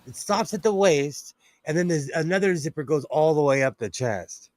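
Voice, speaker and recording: A man chatting casually, rambling through stories and cracking jokes at his own expense. His voice sits at a middle pitch and sounds dry and close to the mic. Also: expressive, moderate pace, a little mellow, no room sound. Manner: rambling, jokey, self-deprecating. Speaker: guest. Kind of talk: casual chat.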